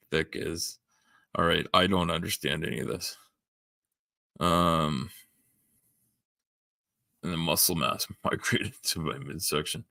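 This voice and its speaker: A man's voice: deep voice, gravelly, a bit bright, dry recording, clean studio sound. A middle-aged man with a Southern Ontario accent, a livestreamer rambling as he thinks aloud and answers his chat. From Canada. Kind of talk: casual chat.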